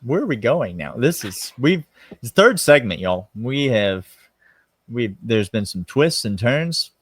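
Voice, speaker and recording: A man, co-hosting a casual sports podcast in an emphatic, animated way. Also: medium pitch, a little slow, breathy edge, no echo. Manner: emphatic, animated, drawls "y'all". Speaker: podcast co-host.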